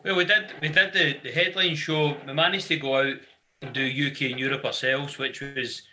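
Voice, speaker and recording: A man's voice: medium pitch, fairly even intonation, normal speed, sharp tone, slight background noise. A Scottish man, a band member guest on a live podcast, joking and cutting in with quips. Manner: jokey, cuts in with quips.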